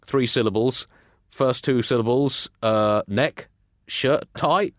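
A man's voice: mid-range voice, takes it slowly, no room sound, clean studio sound. A man co-hosting a comic podcast, rambling and self-mocking, chuckling through his jokes. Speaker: podcast co-host.

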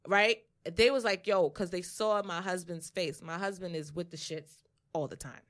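A woman's voice: on the low side, normal speed. A young woman co-hosting a podcast, telling a personal story in casual, profane chat and acting out other people's lines. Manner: profane, animated, acts out quotes. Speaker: podcast co-host.

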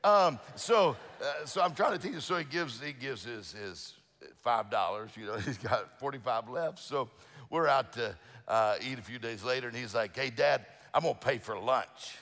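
A man's voice: medium pitch, normal speed, a bit bright, big-room sound. A middle-aged male pastor preaching a sermon, telling folksy stories with lots of restarts and fillers. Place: church sanctuary.

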